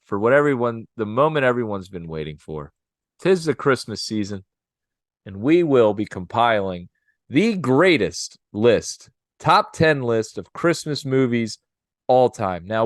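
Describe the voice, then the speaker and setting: Upbeat male podcast co-host, mid pitch, dry booth sound. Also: no room sound. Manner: upbeat, laughs often, does playful impressions. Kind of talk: casual chat.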